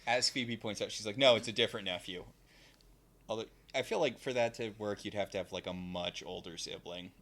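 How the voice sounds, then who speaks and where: A man's voice: lowish voice, steady tone, brisk, gravelly, hardly any pauses, fairly bright tone, slight background noise. A man co-hosting a podcast, recapping a TV episode in casual chat with asides. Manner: recounts plot with asides and frequent fillers. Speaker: podcast co-host.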